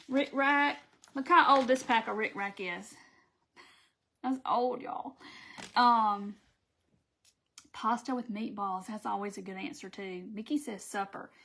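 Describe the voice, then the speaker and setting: A woman from the American South with a Southern accent, talking through a craft project on a live stream. Her voice sits a little high, and she keeps up a friendly stream of chat, reading viewer comments aloud as she goes. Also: vocal fry, a bit bright. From Southern United States. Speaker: craft tutorial host.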